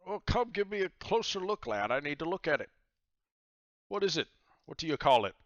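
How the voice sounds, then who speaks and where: A man putting on a booming jovial pirate god. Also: big pitch swings, normal speed, dry recording, dull audio. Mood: hearty. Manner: hearty, booming, chuckling, calls people "lad".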